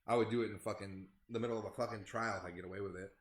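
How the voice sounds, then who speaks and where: A young man in a band telling a tour story in casual podcast chat, animated and profane. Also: fairly low pitch, very fast. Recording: roomy echo.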